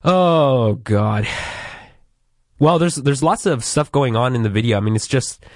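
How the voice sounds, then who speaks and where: A man in casual podcast chat, walking through a cartoon episode with wry asides and plenty of hedging. His voice sits at an ordinary middle pitch. It is close and dry, with no room sound. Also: expressive, unhurried, no room sound. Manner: wry, chatty plot recapping with hedges. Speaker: podcast host recapping episodes.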